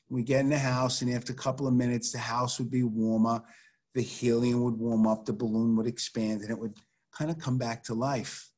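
A man's voice: medium pitch, little pitch movement, brisk, a little mellow. A middle-aged man, a chemistry teacher, giving an online class in a conversational, storytelling way over a video call.

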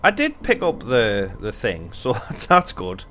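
A man's voice: mid-range voice, huge pitch swings, slow pace, sharp tone, slight background noise. A young Geordie man giving joking, chatty game commentary with casual swearing, talking into a desk mic. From North East England. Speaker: gaming YouTuber.

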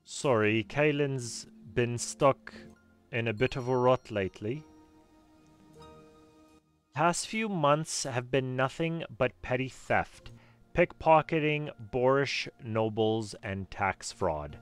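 A man's voice: medium pitch, takes it slowly, soft background music, close to an everyday voice. A Canadian man voicing a cheerful adult woman master thief in a video game, reading her lines theatrically. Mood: sympathetic.

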